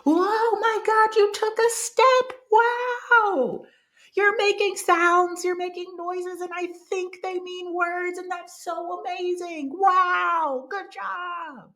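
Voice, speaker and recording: A woman voicing an overjoyed adult cheering on a baby, in a high sing-song tone. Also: steady tone, slow, fairly bright tone, full character voice. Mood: gushing.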